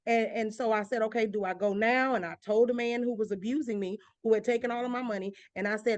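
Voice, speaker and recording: A woman with a drawl gives an emotional testimony as an interview guest. She builds her points through repetition, her voice rising higher as her feeling swells. The sound is close and dry, with no room echo. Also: fairly even intonation, fast talker, hardly any pauses. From Georgia, US. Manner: impassioned, repeats phrases, voice climbs when stirred. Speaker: interview guest, author and minister.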